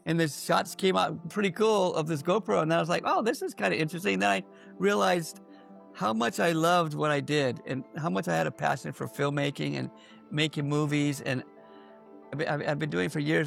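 A man giving a candid personal account in an interview, halting, with many fillers and restarts. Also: a little high, vocal fry, a bit bright.

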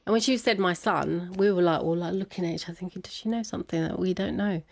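A woman with a slightly low voice tells a personal story in an interview, often laughing and lifting her voice when she quotes her family. The sound is dry and close. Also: fast, creaky, no echo. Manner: laughs often, animated when quoting others. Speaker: guest.

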